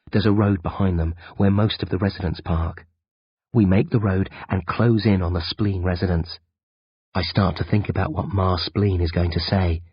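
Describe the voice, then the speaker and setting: A man narrating a first-person audiobook in a tense, measured storytelling manner. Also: low voice, husky, no echo. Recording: dull, dry lo-fi recording.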